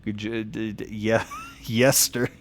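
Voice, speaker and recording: A man's voice: lowish voice, little pitch movement, takes it slowly, soft background music. A man streaming a video game, reading lore aloud in a casual way, stumbling over odd names and chuckling.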